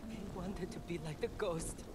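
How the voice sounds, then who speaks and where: A woman's voice: on the low side, normal speed, noisy background, lightly acted. An actress voicing a grieving young woman warrior in a video game, crying out in anguish and blame. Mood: bitter grief.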